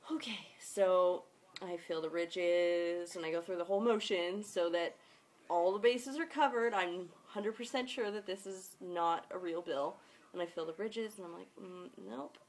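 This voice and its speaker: A woman's voice: lowish voice, slight background noise. A young woman vlogging, telling a work story in a chatty, dramatic way and acting out the people in it. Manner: chatty, dramatic retelling with quoted voices. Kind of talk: casual storytelling vlog.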